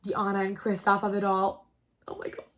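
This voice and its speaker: A young adult woman hosting a casual storytelling chat, rambling and excitable, saying "like" constantly. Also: medium pitch, fairly quick. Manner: rambling and excitable, heavy use of "like". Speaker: host.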